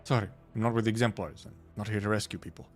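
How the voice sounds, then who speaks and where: A man's voice: very fast, soft background music, natural voice. Man voicing a terse, weary wanderer. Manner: terse, low, flat.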